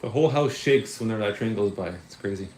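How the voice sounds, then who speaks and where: A man hosting a model railway livestream, chatty and excitable, greeting viewers by name and laughing often. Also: fairly low pitch, fast talker. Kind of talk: casual live-stream chat with viewers.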